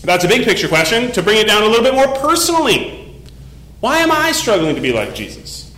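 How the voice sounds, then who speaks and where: A man's voice: high-pitched, very animated, a little fast, pushed and bright. A man in his forties giving a casual sermon in church, telling a story in a chatty way full of fillers. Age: 40s. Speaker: pastor. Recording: echoey room.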